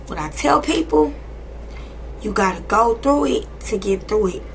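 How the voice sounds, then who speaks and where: A woman's voice: fairly high pitch, expressive, unhurried, a little hiss or hum. A woman in her thirties giving a casual tarot and spiritual reading to her viewers, talking bluntly and sassily with plenty of profanity. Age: 30s. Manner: blunt, profane, sassy and emphatic. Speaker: tarot and energy reader.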